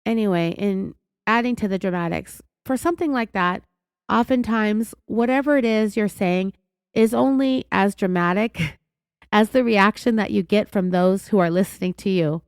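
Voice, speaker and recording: A woman with a California accent hosting a true crime podcast, raspy from being sick, telling the story in an indignant, sarcastic way. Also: medium pitch, moderate pace, no echo, studio quality. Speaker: podcast host.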